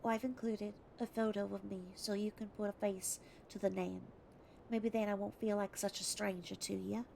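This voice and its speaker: A warm-hearted Australian woman in her thirties reads her own letter to a stranger, a woman putting on the accent. Her voice is earnest and heartfelt, with a mid-pitched, heavily gravelly texture. Faint noise sits behind her. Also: level tone, normal speed, lightly acted. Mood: earnest, kind. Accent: put-on Australian.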